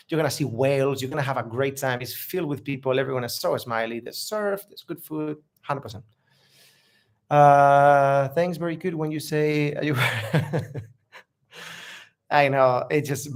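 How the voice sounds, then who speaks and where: A man and travel vlogger answering viewer questions in a casual live Q&A, rambling and friendly with lots of "uh" and "like" fillers. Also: mid-range voice. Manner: rambling, loose, heavy on "uh" and "like" fillers; friendly, upbeat, laughs easily.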